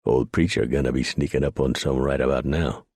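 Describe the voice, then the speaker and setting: A man's voice: extremely low pitch, fairly even intonation, brisk, darkish tone, dry recording, studio quality, exaggerated voice. A man voicing a folksy old frontier trapper. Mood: gleeful. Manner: folksy rough drawl.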